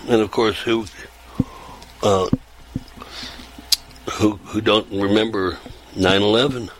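An older man in his seventies with a fairly low voice talks on in a loose, rambling monologue. He circles back, repeats words and restarts sentences as he goes, in an unhurried, conversational delivery. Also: steady tone, a little hiss or hum, low-quality recording. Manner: meandering, repeats and restarts phrases.

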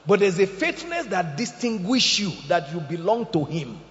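A male preacher with a high, lively voice that swoops up and down as he tells stories and quizzes his congregation. His sermon echoes through a large hall with a long reverb, and the sound is slightly dull. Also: moderate pace. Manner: animated storytelling, asks the congregation questions.

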